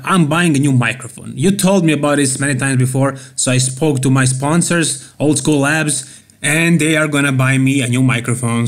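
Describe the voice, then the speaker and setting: A man with a Serbian accent delivers opinionated bodybuilding commentary for his vlog. His voice sits a little high, and he hammers his points home by repeating words. It is plain, direct vlog talk. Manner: emphatic, repeats key words for stress. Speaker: bodybuilding channel host.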